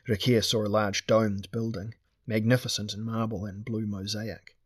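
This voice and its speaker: A man narrating a fantasy audiobook in a steady, measured way. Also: fairly low pitch, no echo.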